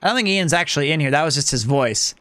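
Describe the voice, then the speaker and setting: A man's voice: on the high side, expressive, fast talker, a bit bright, dry recording. A man streaming a video game, chatting casually and rambling as he answers his chat, often correcting himself. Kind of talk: casual live-stream chat while gaming.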